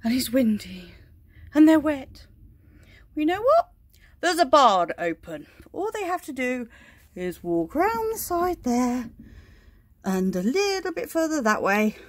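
A woman chatting casually outdoors on a farm, filming her animals with a handheld camera and teasing them as she talks. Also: fairly high pitch. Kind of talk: casual vlog narration. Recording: wind buffeting the mic. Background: strong wind noise.

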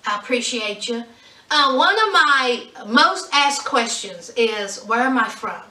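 A woman's voice: fairly high pitch, lively intonation, takes it slowly, pushed and bright, reverberant, distant mic, low-quality recording. Sassy Southwest Virginia woman vlogger. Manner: chatty, sassy, drawling, fillers with um. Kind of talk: casual chat to camera.

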